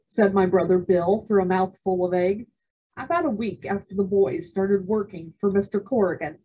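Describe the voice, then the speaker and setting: A woman reading a children's novel aloud for a library program, steady and expressive. Her voice is breathy and husky at mid pitch. The recording sounds dull and lo-fi. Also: moderate pace. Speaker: library storyteller.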